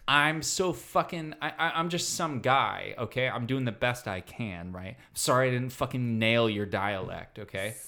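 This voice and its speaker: A man hosting a casual comedy chat, swearing freely and explaining with animated emphasis. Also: mid-range voice, moderate pace, creaky, few pauses.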